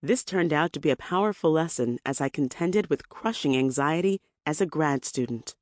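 A measured, reflective voice reads a personal story from a self-help book in the first person, slowing on key phrases. The voice sits at a middling pitch, and the booth-dry recording has no room sound at all. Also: animated, dry recording. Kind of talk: scripted first-person narration.

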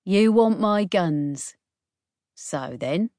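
A cool, unflappable young woman with guns, answering flatly and without hurry. A woman narrator voices her in an audiobook. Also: mid-range voice, takes it slowly, dry recording, studio quality, pitched above the performer's own voice. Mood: calm. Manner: calm and matter-of-fact.

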